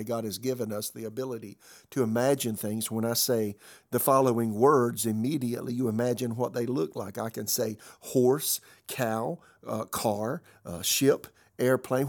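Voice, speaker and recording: Gravelly-voiced pastor telling a story. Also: male voice, mid-range voice, darkish tone. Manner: conversational storytelling with many fillers and restarts. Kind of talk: sermon-style teaching.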